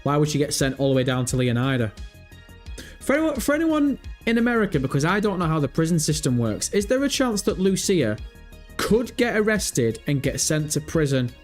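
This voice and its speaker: A man hosting a casual live stream, talking animatedly, thinking aloud and swearing freely. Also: fairly high pitch.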